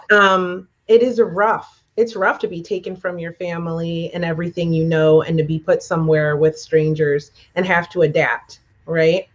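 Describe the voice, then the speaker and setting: A woman co-hosting a podcast responds in a reflective, supportive way and draws on her own experience. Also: lowish voice. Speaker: podcast co-host. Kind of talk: conversational interview. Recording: dull, muffled lo-fi audio.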